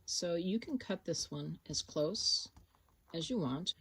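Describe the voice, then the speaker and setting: A woman teaching an embroidery project, relaxed and thinking aloud as she works step by step. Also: fairly low pitch, takes it slowly, vocal fry, breathy edge. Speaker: sewing instructor. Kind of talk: casual step-by-step tutorial.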